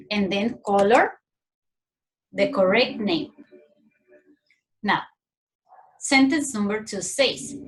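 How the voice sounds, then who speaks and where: A woman with a Mexican Spanish accent teaching young children English punctuation, patiently reading example sentences aloud with expressive tone. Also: mid-range voice, rough recording. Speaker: primary school English teacher. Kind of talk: recorded online lesson for young children.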